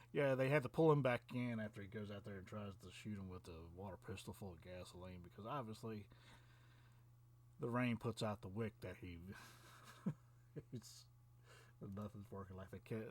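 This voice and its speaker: Low-voiced man rambling through a movie recap. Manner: rambling, chuckling, heavy fillers. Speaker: film reviewer.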